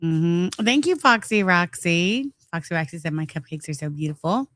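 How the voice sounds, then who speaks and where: A woman's voice: lowish voice, expressive, moderate pace, a bit bright, no room sound. A woman, sick with the flu, chatting on a livestream and thanking viewers. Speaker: livestream co-host. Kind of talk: casual livestream commentary.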